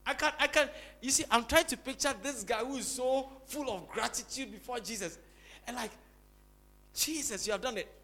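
A man preaching a sermon as pastor, swinging between loud exclamations and soft quick asides. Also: very high-pitched.

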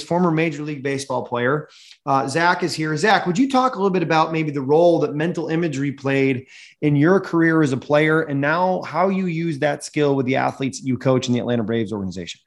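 A man hosting a coaching podcast, talking in an energetic, emphatic coaching manner and reading a sponsor message. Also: fairly high pitch. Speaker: host and mental performance coach.

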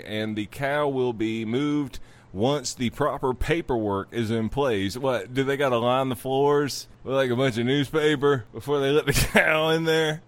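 A man hosting a podcast, reading a news story and riffing on it with profane jokes and frequent laughter. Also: mid-range voice. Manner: profane, joking, laughs often. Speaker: podcast host. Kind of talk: comic news commentary.

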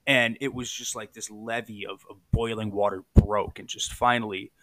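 A man's voice: lowish voice, fairly even intonation, normal speed, a bit bright, dry recording. A man in recovery telling his story in a candid, raw podcast chat, swearing casually.

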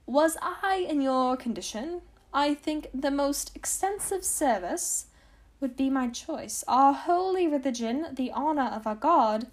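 An earnest young patriot recites a formal letter in a put-on British accent, as a woman plays him. The delivery is solemn and stately. The voice sits fairly high. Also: animated, measured pace.

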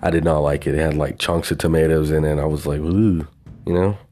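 Young southern guy, very low voice, casual podcast rambling, swears a lot. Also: steady tone, a little fast, warm tone. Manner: rambling, swears often, laughs at himself. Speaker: podcast host. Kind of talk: casual solo podcast monologue.

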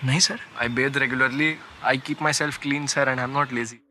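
A man's voice: medium pitch, steady tone, fairly quick, sharp tone, a little hiss or hum. An actor playing a humble young male villager earnestly pleading for work as a driver, in film dialogue.

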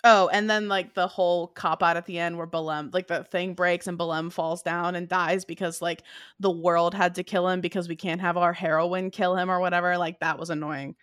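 A woman chatting casually about a movie, animated and opinionated, laughing often. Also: fairly low pitch, moderate pace, clean tone, no echo, clean studio sound. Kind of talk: casual movie review chat.

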